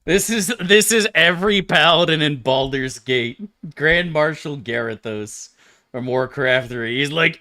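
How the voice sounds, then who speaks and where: A man streaming a video game, talking in a casual, animated, profane way and laughing often. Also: a little high, a little slow.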